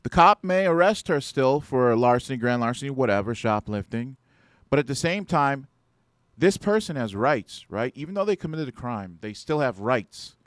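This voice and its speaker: A man's voice: mid-range voice, expressive, normal speed, dry recording, clean studio sound. Conversational man lecturing on security work. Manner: conversational, keeps asking "right?". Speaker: podcast host and security trainer. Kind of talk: instructional podcast talk.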